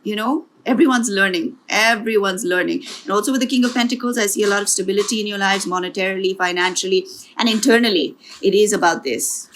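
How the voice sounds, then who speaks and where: A woman in the middle of a tarot reading, talking as a spiritual coach. She is earnest and encouraging, repeats key phrases and adds small asides. Her voice sits at an ordinary middle pitch. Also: fast talker, a bit bright, slight background noise.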